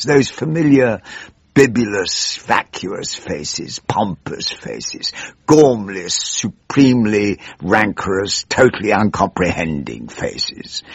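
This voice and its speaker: An older man with a husky drawl, playing a weary, pompous member of parliament in a radio comedy monologue. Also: on the low side, no room sound, heavily acted. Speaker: weary elderly backbench politician narrating his woes. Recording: muffled dry radio recording.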